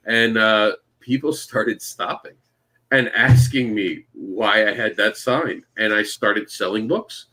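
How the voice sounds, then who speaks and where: A man's voice: on the low side, unhurried, sharp tone. A man from Florida talking as a guest in a casual chat, brash and sarcastic, telling stories with voiced asides. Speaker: guest, comics creator.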